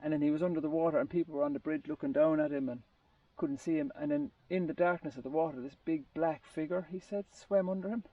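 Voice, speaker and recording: A man with a somewhat high voice talks quickly and with few pauses, telling a long, rambling story to a casual group. He keeps groping for words and restarting his sentences, heard through a muffled, distant lo-fi recording.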